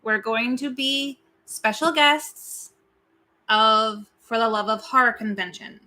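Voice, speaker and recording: A woman from Pasadena co-hosting a casual horror livestream, chatty and quick to laugh. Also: a little high, fairly even intonation, pushed and bright. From Pasadena, California. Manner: chatty, laughs easily, announces plans. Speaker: co-host of a horror watch-party livestream.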